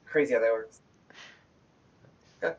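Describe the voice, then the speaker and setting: A man's voice: medium pitch, normal speed, slightly rough, distant mic, rough recording. A man running a tabletop game as game master, narrating in a loose, joking way and swearing freely.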